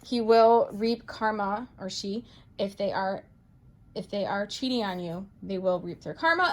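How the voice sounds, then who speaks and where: A woman giving a casual tarot reading to camera, animated and playful, calling her viewers darling and baby, with bright bursts and low muttered asides. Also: moderate pace. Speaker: tarot reader and channel host.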